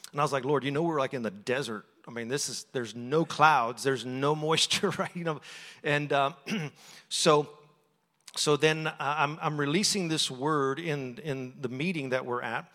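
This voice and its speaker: A man's voice: on the high side, bright, forceful tone. A middle-aged man from Texas, preaching as a guest speaker in a conversational, storytelling way and laughing often. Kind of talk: sermon. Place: church sanctuary. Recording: long hall reverb.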